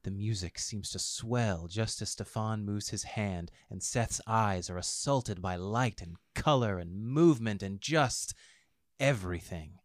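A man narrating fiction aloud in a wry, expressive storytelling manner. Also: lowish voice, unhurried, no echo, clean studio sound.

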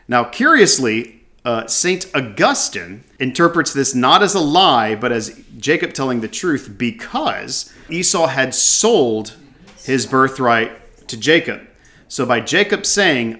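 A man's voice: medium pitch, lively intonation, unhurried, bright, forceful tone. A man teaching from a scripture passage, reading verses aloud and then commenting on them with casual restarts and asides. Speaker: Bible teacher.

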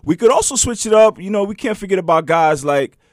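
Middle-aged male coach hosting a casual podcast, slightly high voice, dry close sound, loose slangy talk. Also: expressive, a little fast, dry recording. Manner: slangy, easygoing, stumbles over words. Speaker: podcast host and basketball coach. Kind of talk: casual chat.

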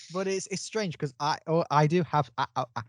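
A man's voice: fairly high pitch, normal speed, dry recording. A man co-hosting a podcast, chatting casually in a rambling way and chuckling. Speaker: podcast co-host. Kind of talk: casual review chat.

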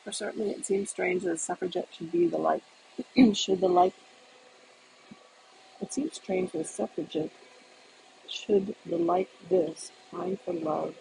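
Gravelly, measured novel reader. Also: mid-range voice, steady tone, darkish tone. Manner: measured, deliberate reading with occasional restarts. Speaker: audiobook reader. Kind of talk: literary novel reading. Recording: noisy recording.

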